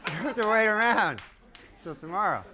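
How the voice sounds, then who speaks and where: A man doing a stand-up comedy set in a deadpan, rambling way with long asides. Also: sits high, a little fast. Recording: live club recording with crowd laughter and noise. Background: audience laughing.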